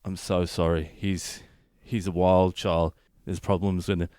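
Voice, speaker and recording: A man's voice: sits low, little pitch movement, measured pace, darkish tone, dry recording, clean studio sound. Man doing his pleading young mate. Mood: apologetic. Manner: pleading, placating. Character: panicked young male friend pleading with police.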